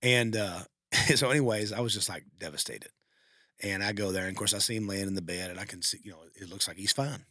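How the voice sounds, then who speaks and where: A man's voice: lowish voice, fairly quick, bright, forceful tone, no room sound, studio quality. A man co-hosting a podcast, telling a heartfelt personal story in a rambling, emotional way with many restarts. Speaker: podcast co-host. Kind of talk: casual storytelling.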